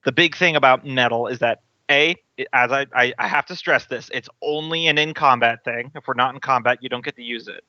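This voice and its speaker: Bright-voiced man running a tabletop game. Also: mid-range voice, brisk, hardly any pauses, dry recording, muffled recording. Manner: patient, explanatory, with restarts. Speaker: game master. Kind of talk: explaining game rules.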